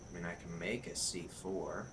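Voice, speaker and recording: A man's voice: low-pitched, fairly even intonation, moderate pace. A man casually commenting while playing a video game, joking and rambling. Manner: joking, rambling, self-deprecating. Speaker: gaming YouTuber. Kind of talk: casual let's play commentary. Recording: loud game noise behind.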